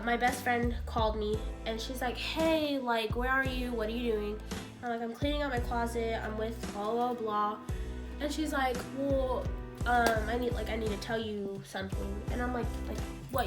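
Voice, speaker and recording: Tearful young woman telling a story. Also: a little high. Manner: rambling, heavy use of "like", acts out quoted talk. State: tearful, voice breaking. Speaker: vlogger. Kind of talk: emotional storytime vlog.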